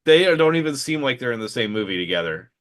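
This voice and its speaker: A man's voice: medium pitch, sing-song, quick pace, a bit bright. Wry, hesitant man in his late thirties. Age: late 30s. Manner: hesitant, filler-heavy, wry. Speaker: podcast co-host. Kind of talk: casual chat.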